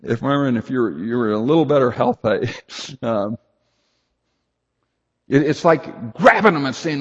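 A man's voice: mid-range voice, lively intonation, a little slow, long pauses, husky. An older man preaching an earnest, emphatic expository sermon as a pastor. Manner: earnest, emphatic, shifts to loud urgent pleading. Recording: echoey hall, dull lo-fi sound.

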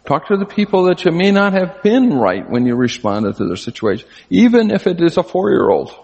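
Older husky-voiced man preaching in a reverberant hall. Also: very animated, a little fast, darkish tone, highs cut off. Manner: earnest, conversational, pitch jumps up for emphasis. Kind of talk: sermon.

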